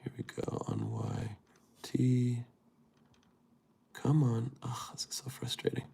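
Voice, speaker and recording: A man's voice: medium pitch, huge pitch swings, slow, creaky, mellow, breathy edge, whispered. A man hosting a casual livestream, reading viewer comments aloud and muttering to himself while he types. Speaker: livestream host.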